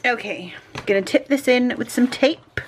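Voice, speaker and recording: A woman's voice: fairly high pitch, moderate pace, slight background noise. A woman chatting casually as a stationery vlogger, self-deprecating and talking to herself while she works. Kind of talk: casual chat while crafting.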